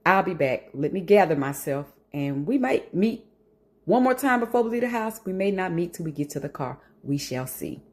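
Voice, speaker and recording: Speaking at a moderate pace in a lowish voice, a woman vlogs from home, chatting casually to the camera with animated emphasis and breaking into rants and laughs.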